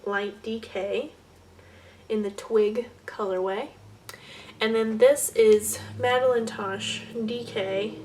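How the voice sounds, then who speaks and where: A young woman chats through a casual knitting podcast, rambling and correcting herself as she drifts into soft muttered asides. Her voice sits a little high and sounds a bit off the mic, with a faint hiss of room noise behind it. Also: distant mic. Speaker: podcast host.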